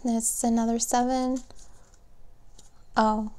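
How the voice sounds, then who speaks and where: Gentle woman doing a tarot reading, slow and mellow, kinda high voice. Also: little pitch movement. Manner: slow, soft, gentle and emotional. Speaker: tarot reader.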